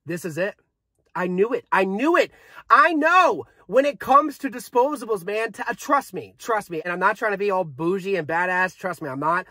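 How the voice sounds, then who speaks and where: A man's voice: sits high, brisk, fairly bright tone, dry recording. A young man reviewing a vape in a casual, hyped, joking vlog, talking straight to his viewers.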